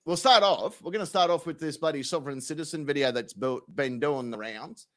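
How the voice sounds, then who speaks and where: A man's voice: fairly high pitch, a little fast. An Australian man hosting a live stream, casually chatting with viewers, swearing freely and laughing often. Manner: profane, laughing, joking with chat. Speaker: livestream host. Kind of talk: casual live chat reading comments.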